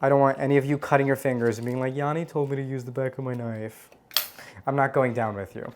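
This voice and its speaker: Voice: mid-range voice, steady tone, fast, slight background noise. A host giving a casual home cocktail tutorial, chatty and playful, joking at their own expense and humming as they taste. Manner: savors tastes aloud with hums.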